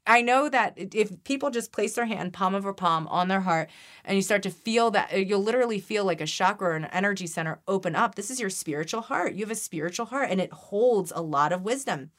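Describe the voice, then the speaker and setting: A woman's voice: mid-range voice, animated, a little fast, fairly bright tone. A woman guest on a podcast, talking earnestly and animatedly about energy healing, often restarting her sentences. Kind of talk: conversational interview.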